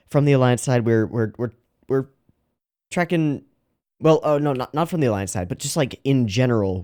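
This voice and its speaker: A young man with a mellow, somewhat low voice talks through an anime reaction in loose, casual commentary. He rambles and trips over his own words, then fixes himself mid-sentence. His excitement keeps bubbling up as he goes. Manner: rambling, excitable, self-correcting.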